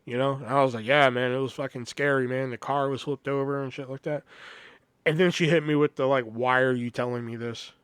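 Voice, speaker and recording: A man's voice: mid-range voice, fairly even intonation, brisk, a bit bright, clear, resonant tone, dry recording. Podcast host, 30s man, mid voice, profane and rambling, dry close mic. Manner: profane, rambling, heavy filler words. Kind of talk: casual storytelling monologue.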